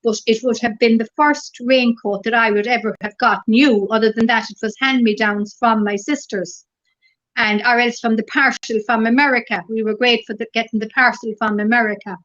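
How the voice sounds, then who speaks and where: A middle-aged woman with an Irish accent, a guest in a casual interview, telling stories gently and rambling through lots of fillers. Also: on the high side, fairly even intonation, a little fast. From Ireland. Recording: dull lo-fi recording.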